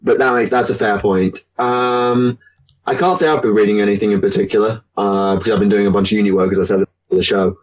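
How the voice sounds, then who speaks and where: A man's voice: on the low side, steady tone, fast, low-quality recording. A man co-hosting a podcast in casual chat, rambling and enthusiastic. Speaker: podcast co-host.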